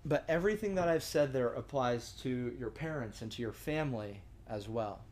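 A man's voice: mid-range voice, lively intonation, moderate pace, darkish tone. Earnest young man teaching scripture. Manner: earnest, conversational, many restarts and "right?" asides. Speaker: discussion leader. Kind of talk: sermon-style teaching.

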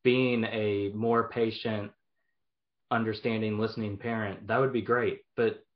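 A man's voice: lowish voice, little pitch movement, measured pace. Casual man host, dull lo-fi sound. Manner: casual, affirming, asks questions. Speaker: podcast host. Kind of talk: conversational interview.

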